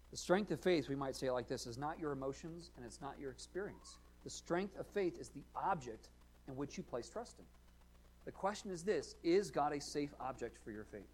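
A male pastor preaching a sermon, earnest, asking rhetorical questions, rising to emphatic points and dropping to quiet asides. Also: a little high, lively intonation, normal speed, poor audio. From United States.

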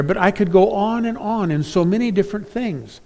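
A man preaching a sermon as pastor, emphatic, swinging between loud stressed phrases and quiet drops. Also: high-pitched, animated, normal speed, hardly any pauses.

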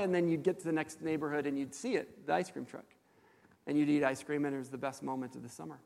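Casting note: man, pastor delivering a sermon, somewhat high voice, long reverb of a hall. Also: brisk, creaky. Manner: animated storytelling preacher with fillers.

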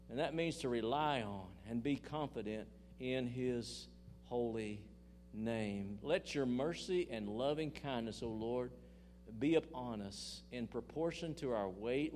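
A man's voice: medium pitch, a little slow, a little mellow, a little hiss or hum. An older man preaching a sermon, reading scripture with emphasis and making folksy asides to his congregation. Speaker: pastor.

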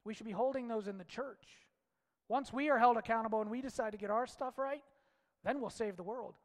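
A man preaching a sermon with passion, swinging from loud shouts to hushed low lines. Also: fairly quick, big-room sound.

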